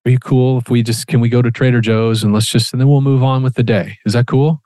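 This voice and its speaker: Podcast co-host, male, mid-pitched, lively storyteller who swears casually, dry booth sound. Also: fast talker, no echo. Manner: animated, acts out quoted dialogue, swears casually.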